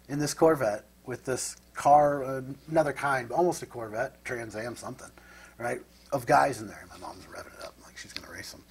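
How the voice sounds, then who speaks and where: A man's voice: mid-range voice, husky. A middle-aged man from Nebraska telling stories as an interview guest, rambling and reflective, often tagging his sentences with a question. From Nebraska, USA. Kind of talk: casual storytelling.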